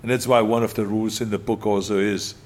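A man's voice: fairly low pitch, little pitch movement, fast. An older man with an Austrian accent, a guest telling his story in casual talk, emphatic and repeating key phrases for punch.

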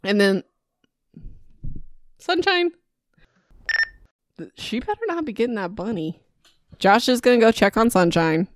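Giggly woman host rambling casually, keeps cracking up, mid pitch, dead dry mic. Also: lively intonation, brisk, dry recording. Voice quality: giggly, keeps breaking into laughter. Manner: scattered, self-interrupting, restarts. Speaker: podcast host. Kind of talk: casual chat, bloopers. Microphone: desk mic close by.

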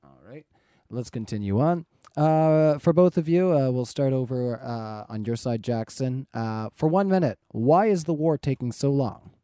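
A man's voice: mid-range voice, measured pace, dark tone, smooth, no echo, clean studio sound. A man moderating a live online debate, warning the guests firmly and reading out viewer messages. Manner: firm and warning, reads paid chat messages aloud.

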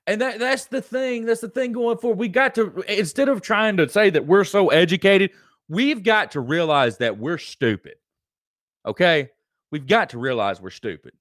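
A man's voice: high-pitched, lively intonation, moderate pace, fairly bright tone, no room sound, clean studio sound. A man with a Southern American accent hosting a live-stream show, ranting in a preachy, emphatic way and repeating lines for effect. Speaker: host.

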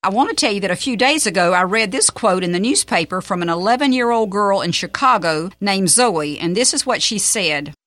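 Woman doing a church radio devotional, bright clear tone, dry studio sound, earnest and gentle. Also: medium pitch, expressive, brisk, hardly any pauses, dry recording. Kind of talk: devotional radio talk and scripture reading.

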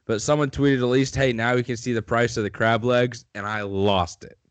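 A man's voice: medium pitch, fairly even intonation, normal speed, dry recording. A man co-hosting a casual sports podcast, joking and laughing often as he talks. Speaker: podcast co-host.

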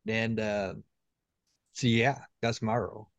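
A man introduces himself briefly and easily as the oldest brother. His voice is smooth and resonant, heard dry and close. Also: lowish voice, fairly even intonation, takes it slowly, no echo, muffled recording. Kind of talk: casual chat.

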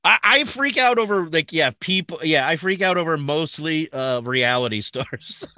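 A man in his forties as an interview guest, talking excitedly with frequent laughs and restarts. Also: on the high side, moderate pace, no room sound. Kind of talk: casual interview.

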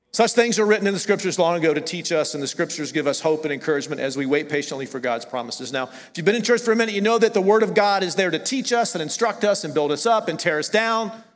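A middle-aged pastor with a Southern accent preaches in a high, bright voice. He talks in a loose, conversational way, stopping to correct himself and then pressing his points with emphasis. His voice carries with a long reverb from the church hall. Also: a little fast. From American South. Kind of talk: sermon. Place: church sanctuary.

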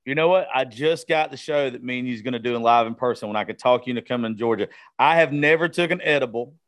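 A man's voice: medium pitch, fast talker, a bit bright. A man hosting a podcast in a laid-back, slangy way, often stammering as he starts. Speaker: podcast host. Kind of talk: casual chat.

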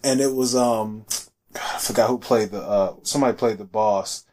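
Profane, animated man telling stories. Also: lowish voice, moderate pace. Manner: profane, animated storytelling with slang. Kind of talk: casual chat.

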